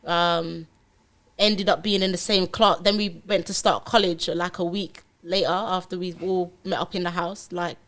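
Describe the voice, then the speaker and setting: A young woman, a podcast guest telling her life story in a lively way and acting out past conversations. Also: on the low side, normal speed. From London. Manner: animated storytelling, acts out her own past dialogue. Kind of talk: candid podcast interview.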